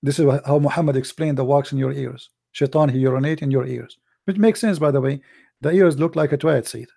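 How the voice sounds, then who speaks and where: A man's voice: mid-range voice, a little fast, vocal fry, warm tone, no room sound, studio quality. A man hosting a religious debate call, talking in a sarcastic, mocking way and pressing his questions. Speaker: host of a debate call-in show.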